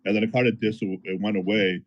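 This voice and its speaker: A man telling a story in a casual podcast chat, animated and profane, as a powerlifter guest. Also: lowish voice, fairly quick, dull audio. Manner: animated, profane, fired-up retelling.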